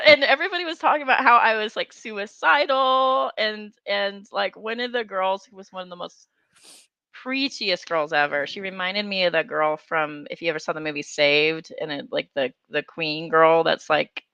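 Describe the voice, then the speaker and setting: Creaky, bright-voiced woman host. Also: mid-range voice, moderate pace, no echo, muffled recording. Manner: animated storyteller, frequent laughs and fillers. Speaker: podcast host. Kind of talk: casual chat.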